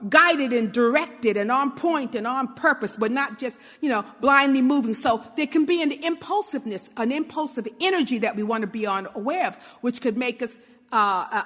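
A woman's voice: on the high side, moderate pace, sharp tone, in a large hall. A woman from Brooklyn, giving an informal motivational talk and often checking in with "right?". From New York, Brooklyn. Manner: conversational, often asks "right?", acts out little quotes.

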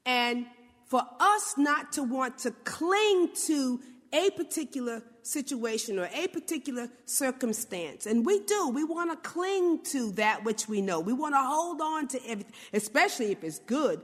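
A woman preacher gives an animated sermon in a high voice that rises and falls widely. She keeps throwing rhetorical questions at her listeners, and a long hall reverb trails her words. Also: normal speed.

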